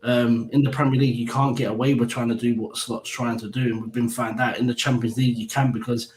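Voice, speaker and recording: A man's voice: mid-range voice, flat delivery, fast talker, darkish tone. A man giving blunt, heated opinions on a casual football live stream, swearing freely. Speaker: fan pundit. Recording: echoey room with faint background hiss.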